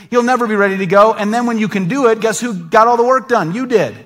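A middle-aged pastor delivering a sermon in a conversational, lively way, slipping into quick acted asides. His voice sits a little on the high side for a man.

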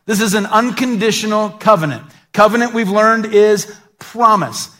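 A middle-aged man preaching a sermon as a pastor, conversational and animated, acting out little asides. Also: high voice, a little fast.

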